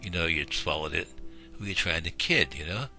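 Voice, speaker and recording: Brief: man playing a laid-back alley cat, deep-voiced drawl, music bed. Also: lively intonation, normal speed, bright, forceful tone, exaggerated voice. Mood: teasing. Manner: folksy, drawling. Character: teasing streetwise cat, easygoing.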